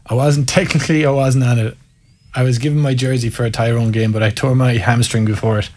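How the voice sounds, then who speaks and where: A brisk, slightly mellow mid-range voice with little pitch movement comes from an Irishman in his thirties who speaks with an Irish accent. Being interviewed, he candidly pokes fun at himself in anecdotes, laughing as he goes.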